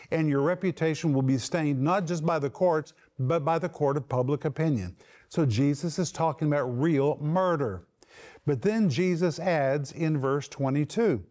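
A man's voice: fairly high pitch, darkish tone. A man giving a teaching sermon, explaining words one by one with strong emphasis. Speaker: Bible teacher.

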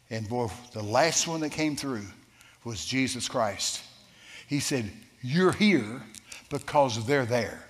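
A man preaching a sermon, telling a story with lively shifts and asking the congregation questions. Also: medium pitch, takes it slowly. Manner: storytelling, animated, asks the crowd questions. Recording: long hall reverb.

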